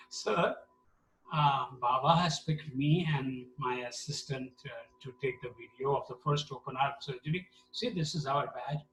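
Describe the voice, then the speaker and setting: Animated man telling stories in an echoey room. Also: fairly high pitch, far from the mic. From India. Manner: animated, acts out quotes with voices. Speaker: satsang speaker. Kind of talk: storytelling talk.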